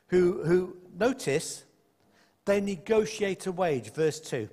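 A man preaching a sermon to a congregation, lively and conversational, with playful asides. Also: high voice. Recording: echoey hall.

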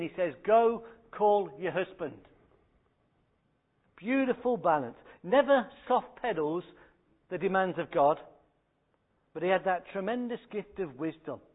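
A man in his thirties preaching a sermon in a conversational, anecdotal way. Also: high-pitched. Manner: anecdotal and conversational, with acted quotes. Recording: phone-like narrow band.

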